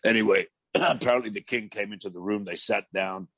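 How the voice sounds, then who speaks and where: A man with a gravelly voice, a talk show guest telling rambling anecdotes with many restarts. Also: on the low side, fairly quick, fairly bright tone, no echo. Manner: rambling storyteller with frequent restarts.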